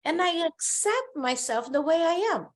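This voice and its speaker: A woman's voice: very high voice, normal speed. A middle-aged woman with a Brazilian Portuguese accent, Portuguese her first language, telling personal stories as a podcast guest in casual conversation. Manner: storytelling, animated personal anecdotes.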